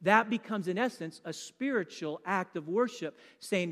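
Preaching as a guest in a church, this man keeps things conversational, jokes around and quizzes the congregation. He speaks at a moderate pace with few pauses, his voice high, with big-room sound.

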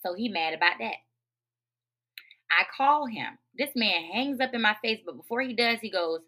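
A woman with speech patterns rants bluntly through a personal story, her voice bright and forceful. She swears freely and swings from low grumbles to loud outbursts. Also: expressive, normal speed. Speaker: podcast host. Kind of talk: unfiltered storytime rant.

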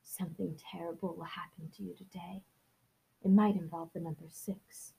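A woman voicing an ominous psychic woman in a hushed, foreboding whisper during a storybook reading. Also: on the low side, little pitch movement, moderate pace, gravelly, husky, pitched below the performer's own voice, exaggerated voice, poor audio.

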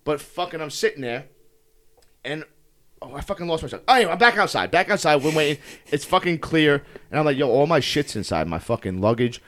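A man's voice: on the high side, lively intonation, a little fast, fairly bright tone. A young man telling a story in casual podcast chat, heated and profane, swearing constantly as he talks.

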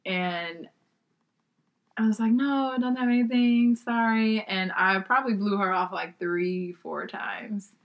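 A woman telling a personal story in casual conversation, lively and laughing often, acting out what people said. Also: mid-range voice, measured pace, highs cut off. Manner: lively, laughs often, acts out quoted dialogue.

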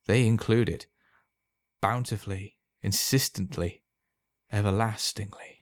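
A man voicing a sly, calm old man who sells love potions, speaking smoothly and unhurriedly in a quietly insinuating way. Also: fairly low pitch, unhurried, dry recording, clean studio sound, natural voice. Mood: confiding.

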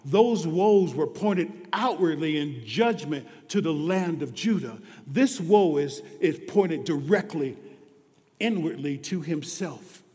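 Pastor guy preaching a sermon, kinda high voice, slow and earnest, big echoey church hall. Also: animated. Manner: earnest, swings between hushed and emphatic preaching. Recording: long reverb of a large hall.

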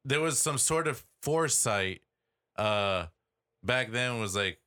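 A man's voice: medium pitch, expressive, takes it slowly, sharp tone, clean tone. A man in a casual podcast discussion, talking in loose, rambling runs with restarts and the odd swear. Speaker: podcast co-host or guest.

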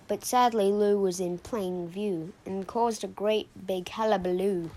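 A woman hosting a podcast, reading a children's story aloud in an expressive, sing-song way. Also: medium pitch, measured pace, low-quality recording. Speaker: storyteller host.

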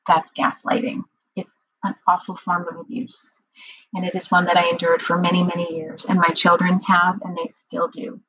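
A middle-aged woman speaking earnestly about her own experience in a personal monologue, often pausing on "um". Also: fairly low pitch, monotone, a bit bright. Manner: earnest, explanatory, many filler ums. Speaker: survivor sharing personal experience. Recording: dull lo-fi recording.

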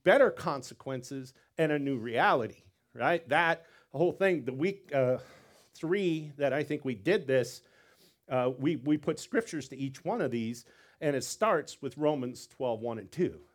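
Animated man preaching a sermon. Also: mid-range voice, measured pace. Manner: animated, repeats words, acts out quotes. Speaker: pastor.

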